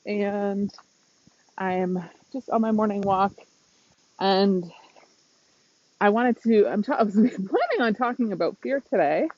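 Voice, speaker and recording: A woman's voice: medium pitch, slow, pauses often, a little mellow, muffled recording. Candid woman vlogging on a windy walk. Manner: candid, emotional, laughs often. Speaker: mindset coach. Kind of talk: live-streamed walking vlog. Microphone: phone.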